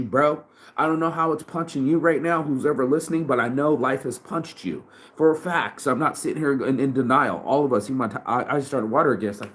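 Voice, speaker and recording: A man's voice: mid-range voice, a little hiss or hum. A man in his forties giving a raw, emotional vlog monologue full of swearing and stumbling, repeated words. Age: 40s. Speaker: vlogger and shirt brand owner.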